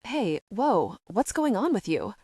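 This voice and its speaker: Woman voicing a gentle, steady young lover. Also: medium pitch, slow, slightly rough, no room sound, studio quality, exaggerated voice. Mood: worried. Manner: gentle, cautious and stern. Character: devoted young man, steady, protective lover.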